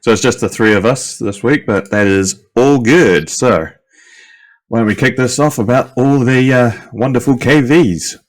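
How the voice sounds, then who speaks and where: A man with a New Zealand accent chatting casually on a hobby podcast, laid-back and halting, laughing easily. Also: medium pitch. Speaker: podcast co-host, presenter of the episode topic.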